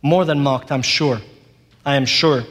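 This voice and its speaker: Male pastor, slow impassioned sermon, higher voice, reverberant hall. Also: fairly even intonation, fairly bright tone. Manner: impassioned, rising to urgent pleading.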